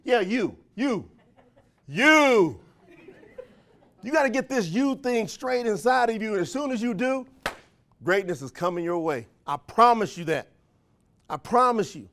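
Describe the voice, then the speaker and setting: A man with a high, bright-sitting voice delivers a motivational speech in an event room. He talks in folksy, countrified phrasing and leans on call-and-response, firing question after question at his listeners. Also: animated, unhurried, pauses often. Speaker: motivational speaker at a sales training.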